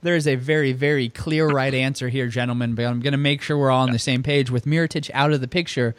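A man's voice: mid-range voice, steady tone, no room sound. Man hosting a sports podcast. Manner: brisk, steers the discussion. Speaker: podcast host. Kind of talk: casual fantasy sports chat.

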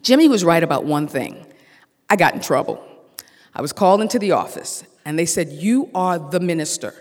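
A storyteller on a theater stage, telling a personal story with animated energy and acting out each exchange of dialogue. The voice carries a long hall reverb, and its pitch sits in the middle of the usual range. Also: brisk.

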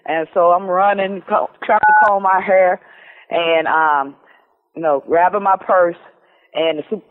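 Woman telling a story over a tinny phone line. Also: on the low side. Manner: lively, acts out quoted dialogue, many fillers. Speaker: lottery winner telling her story. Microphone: telephone.

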